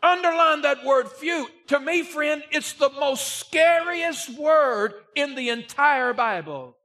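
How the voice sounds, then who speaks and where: Casting: male pastor, bright, forceful voice, slow and deliberate sermon delivery, stresses and shouts key words. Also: extremely high pitch, lively intonation. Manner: reads scripture aloud in old-fashioned wording. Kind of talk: Sunday morning sermon.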